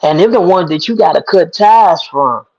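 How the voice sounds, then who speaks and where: A man's voice: sits high, expressive, moderate pace, creaky, darkish tone. A man hosting an online talk show, telling a folk story and preaching its moral in a folksy, emphatic way. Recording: dull lo-fi sound.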